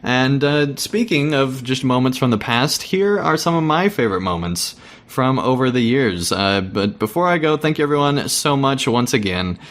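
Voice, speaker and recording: A man signs off a podcast, speaking earnestly and thanking the others. His voice sits in an ordinary middle pitch, and his delivery is relaxed and conversational. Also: moderate pace. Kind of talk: casual podcast sign-off.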